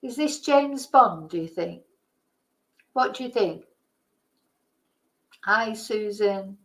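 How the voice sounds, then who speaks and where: A woman's voice: mid-range voice, animated, slow pace, fairly bright tone, rough recording. A woman hosting a casual live-stream quiz, chatting, laughing and thinking aloud as she reads the questions. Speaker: host.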